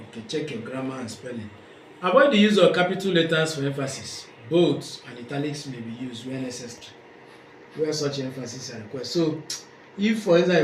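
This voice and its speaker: A male lecturer teaching a class, who asks questions, answers them himself and repeats key points. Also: mid-range voice. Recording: echoey room, faint background noise.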